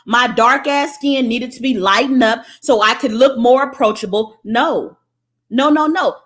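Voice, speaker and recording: Woman livestream host, high voice, profane motivational preacher with big swings in force. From United States. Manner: profane, blunt and preachy, swinging from loud to low. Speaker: livestream host reading viewer comments. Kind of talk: impassioned motivational livestream talk.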